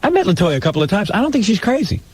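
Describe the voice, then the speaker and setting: A man's voice: sits high, sing-song, racing, background noise. A man hosting a radio show, sarcastic and jokey in casual banter. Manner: sarcastic, jokey, laughs a lot. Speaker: radio host.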